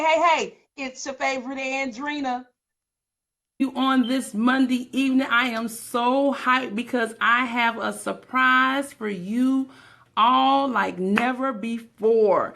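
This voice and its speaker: A woman hosting a live stream, greeting viewers by name in an energetic, hyped-up way. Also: high voice. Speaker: host of a live-streamed motivational show. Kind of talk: live-stream hype talk.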